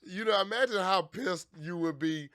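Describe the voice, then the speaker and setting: A man chatting over a clip he is reacting to, loose and slangy, dropping "bro" into every other sentence. His voice sits a little high and comes across bright and edgy. The sound is dry and close, with no room around it. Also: normal speed, no echo. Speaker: reaction vlogger. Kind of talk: casual reaction commentary.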